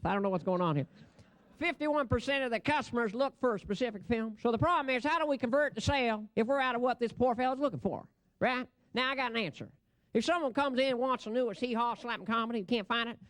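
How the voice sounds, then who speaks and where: A man's voice: extremely high pitch, a bit bright, no room sound. A man giving a comic, ad-libbed stage presentation at a convention. He talks into a podium microphone, rambles brashly and laughs at his own jokes.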